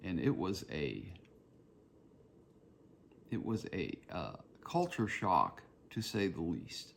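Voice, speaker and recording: A man's voice: sits low, very animated, slow pace, vocal fry, a little hiss or hum. A man with a Southern Georgia accent, hosting his own podcast in a reflective, rambling solo monologue. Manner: reflective, meandering, personal storytelling. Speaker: podcast host.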